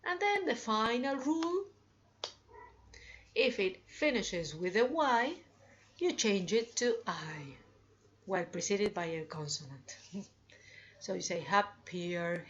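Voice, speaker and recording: A woman gives a grammar lesson on English comparatives, slowly drawing out her examples and cheerfully prompting her students with upbeat cues. Her voice is medium in pitch with lively intonation, and the recording has its highs cut off.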